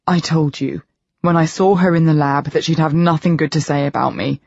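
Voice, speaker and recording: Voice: medium pitch, fairly even intonation, moderate pace, creaky, a little mellow, no room sound. A narrator doing a sneering, defiant teenage boy. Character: surly, provocative teenage boy. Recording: dull lo-fi recording.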